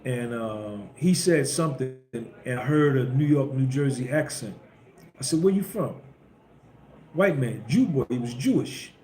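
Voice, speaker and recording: In an echoey room with a faint background hum, a man hosting a podcast relates stories in a casual monologue. He speaks at medium pitch with a somewhat dark tone, using blunt, emphatic, preachy street talk.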